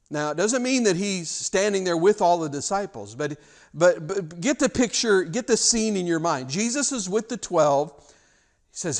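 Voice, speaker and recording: A man preaching a sermon as pastor, retelling a passage in an emphatic, animated way with frequent restarts. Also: high voice, normal speed.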